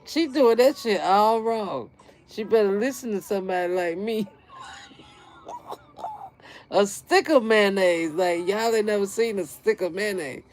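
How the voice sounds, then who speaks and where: A woman talks loosely to her viewers in an unscripted livestream, breaking into laughter again and again. Her speech is blunt and full of profanity, animated and offhand. She is a gardening channel host just chatting. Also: medium pitch, unhurried, pauses often. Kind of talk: casual livestream chat.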